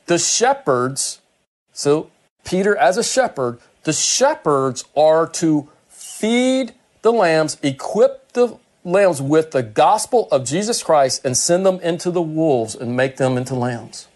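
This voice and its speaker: A man delivers a sermon, working through a scripture passage and explaining it in his own words. His voice sits a little high for a man. He drags out the quoted lines slowly, then quickens and rises in pitch when he acts out the characters. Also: sing-song, darkish tone. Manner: slows right down for quoted words, speeds up and climbs in pitch when acting out Peter. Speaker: preacher. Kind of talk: sermon reading scripture with commentary.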